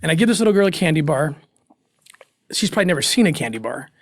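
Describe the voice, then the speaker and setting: A man, a former special agent, telling a personal story as a guest in an interview, earnest and emotional, with pauses and restarts. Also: fairly high pitch, sing-song, dry recording, studio quality.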